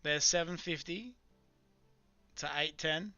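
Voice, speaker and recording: Man, live trading stream, chatty and muttering, very sharp tense tone, smooth clear voice. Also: a little high, takes it slowly, no room sound, highs cut off, faint music behind. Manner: chatty, muttering to himself over charts. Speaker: live-streaming futures trader. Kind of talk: casual live-stream commentary.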